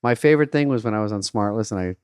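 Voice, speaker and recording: A middle-aged man from Arizona, co-hosting a podcast in casual chat, telling animated stories with lots of swearing and acted-out voices. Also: fairly low pitch, racing, smooth, dry recording, clean studio sound. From Arizona, USA. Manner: animated storyteller, swears a lot, acts out voices. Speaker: podcast co-host.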